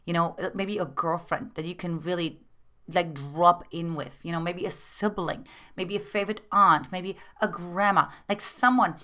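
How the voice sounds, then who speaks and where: Lady relationship coach, bright forceful voice a bit low, earnest and close, keeps saying girlfriend. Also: steady tone, moderate pace. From East Germany. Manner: earnest, intimate, addresses listener as "girlfriend". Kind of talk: coaching talk to women.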